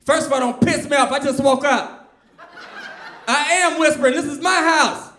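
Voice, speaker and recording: A man doing a loud, furious mother. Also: very high-pitched, moderate pace, reverberant, slight background noise, voice pushed up. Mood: loud, indignant. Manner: loud, indignant, threatening. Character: loud furious middle-aged mother yelling on the phone.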